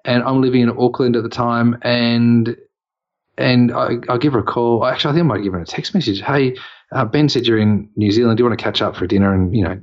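A man's voice: medium pitch, fairly even intonation, a little fast. Australian man, podcast co-host, rambling casual storytelling, middling voice, slightly dull lo-fi sound. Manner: rambling anecdotal, many fillers and restarts.

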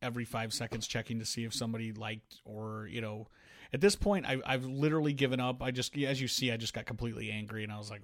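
A man co-hosting a podcast, chatting casually and telling rambling, animated stories with many restarts. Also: mid-range voice, fast talker. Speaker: podcast co-host. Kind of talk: casual chat.

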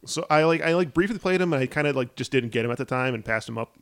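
A man chatting casually about video games, rambling with filler words and restarts, getting animated as he talks. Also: medium pitch, fast talker, clean tone.

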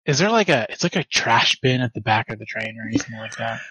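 Guy with a bright punchy voice, walking through his plan in a tabletop game. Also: medium pitch, expressive, fast, breathy edge, no echo, low-quality recording. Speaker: player. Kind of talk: describing character actions in a tabletop game.

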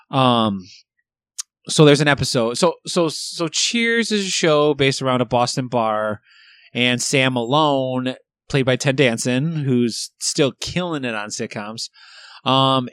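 A man's voice: mid-range voice, a bit bright, no echo, clean studio sound. A man in casual podcast chat, retelling a favorite sitcom episode in a rambling way, swearing freely and using lots of fillers. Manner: rambling, profane storytelling with many fillers.

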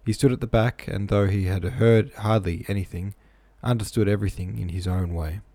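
Male reader for a classic novel, deep, dark timbre, casual asides, dry close mic. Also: fairly even intonation, moderate pace, dry recording. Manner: plain reading with casual asides. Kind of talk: reading a novel aloud.

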